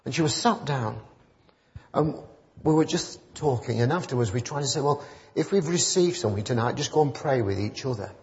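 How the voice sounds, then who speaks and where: A man's voice: mid-range voice, expressive, a little fast, darkish tone. Man, chatty rambling sermon, muffled sound, long echo off the hall. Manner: rambling, conversational, rising to fervent emphasis. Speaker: preacher. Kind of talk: informal sermon with anecdotes. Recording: muffled church recording with long reverb.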